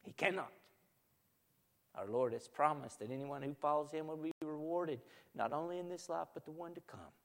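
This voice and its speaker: Man, preacher, sermon, dynamic swings loud to hushed, church sanctuary, long reverb. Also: a little high, normal speed, creaky.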